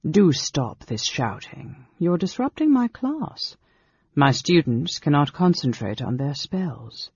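A cool, softly mocking dark elf sorcerer, as a male narrator puts him on, his husky, gravelly voice kept low and unhurried. The audiobook recording is dull and lo-fi, dry and close. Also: dry recording, full character voice. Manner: calm, dry, condescending.

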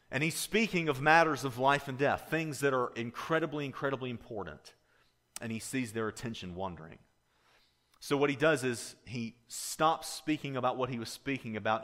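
A man's voice: mid-range voice, a bit bright, big-room sound. A male pastor giving a sermon, telling a story earnestly and growing emphatic, often repeating words.

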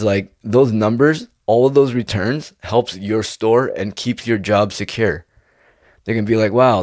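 A man's voice: lowish voice, dry recording, studio quality. A young man in a casual, rambling monologue, laid-back and peppering his talk with "dude". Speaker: vlogger.

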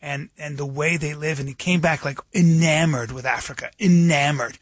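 A man's voice: fairly high pitch, fairly even intonation, moderate pace, no echo, studio quality. A man co-hosting a podcast in casual, jokey chat, telling stories. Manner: jokey, storytelling. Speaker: podcast co-host.

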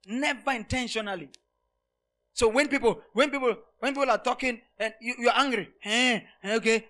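A man preaches a sermon to his congregation, his voice sitting very high for a man. His tone is bright and forceful, and he repeats lines for emphasis. He jumps from loud, ringing shouts down to quiet, intimate asides. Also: brisk. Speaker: pastor.

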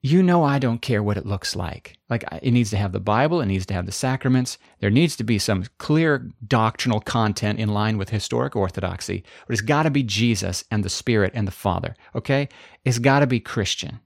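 A male preacher with a gravelly, fry-edged voice delivers an impassioned sermon, driving points home through emphatic repetition. The sound is dry and close, with no room around it. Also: lowish voice, expressive, a little fast, no echo. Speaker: pastor.

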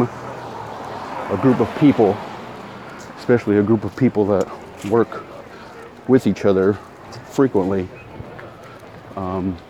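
Low-voiced man rambling outdoors. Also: highs cut off. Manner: rambling, self-correcting, greets passersby. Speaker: podcast host. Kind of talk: casual walking podcast monologue. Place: outdoors in a town, walking. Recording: outdoor street noise. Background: traffic and street sounds.

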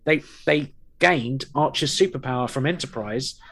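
A man's voice: mid-range voice, moderate pace, gravelly, a bit bright. A man co-hosting a podcast, chatting casually and wryly with lots of fillers. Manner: rambling, wry, with many fillers and restarts. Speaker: podcast co-host. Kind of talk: casual chat reviewing an episode.

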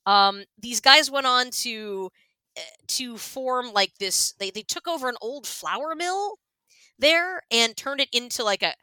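Her voice is on the high side, clear and resonant, and she speaks unhurriedly on a dry recording. A Washington state, US, woman co-hosting a podcast, she tells a story in relaxed chat, animatedly voicing the characters she quotes and filling it with fillers.

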